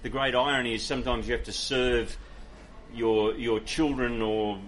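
A man from Ireland gives a sermon and takes questions, speaking earnestly and conversationally, often pausing on fillers and restarting his phrases. His voice sits at an ordinary middle pitch. A faint background noise sits under the recording. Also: steady tone, a bit bright. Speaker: pastor.

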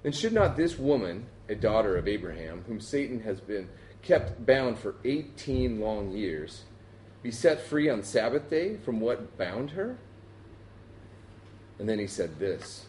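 A man reading a Bible passage aloud in an expressive way. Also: lowish voice, unhurried, reverberant, a little hiss or hum. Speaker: Bible reader. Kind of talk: scripture reading.

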